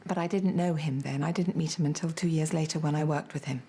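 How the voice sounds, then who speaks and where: An older woman remembers her husband in a documentary interview. Her voice is very low, gravelly and mellow, and she talks candidly with animated asides. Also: quick pace. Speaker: interviewee, widow.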